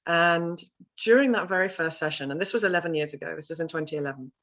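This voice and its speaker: A middle-aged woman with a lowish voice tells her story in an interview, animated and expressive. She is a vocal coach who slips into little voices when quoting people. The audio is somewhat dull and lo-fi. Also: fast. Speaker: vocal confidence coach and sound healer.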